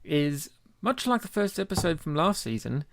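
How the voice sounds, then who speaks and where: A man co-hosting a casual beer podcast, chatty and quick to laugh, with plenty of ums. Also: a little high, big pitch swings, vocal fry, no room sound, studio quality. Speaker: podcast co-host.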